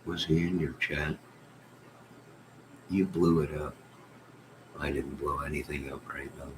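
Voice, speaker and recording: Slow, deep-voiced man chatting on a livestream. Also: little pitch movement, background noise. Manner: rambling, joking storyteller with drawn-out asides. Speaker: livestream host reading chat. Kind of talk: casual livestream chat. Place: at home in bed.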